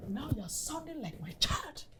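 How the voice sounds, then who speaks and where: A loud, bossy Nigerian mother lectures with a high voice that swings up and down. She is brash and scheming, middle-aged, and scolds without pause in a Nollywood film scene. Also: very animated, a little hiss or hum, full character voice. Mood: lecturing. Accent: Nigerian English. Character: brash scheming mother pushing her daughter.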